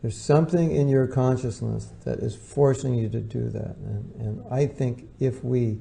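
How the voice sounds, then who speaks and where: A man gives an informal spiritual lecture in a very mellow, dark voice with a gravelly edge. He talks conversationally and slips into the voices of the people he quotes. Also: medium pitch, normal speed. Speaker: spiritual teacher.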